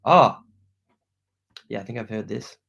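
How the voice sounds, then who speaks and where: A man's voice: medium pitch, expressive, measured pace, vocal fry, a bit bright, lo-fi sound. A young Australian man hosting a livestream from a room at home, reading viewer comments aloud and thanking them in laid-back slang. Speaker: outdoor channel host.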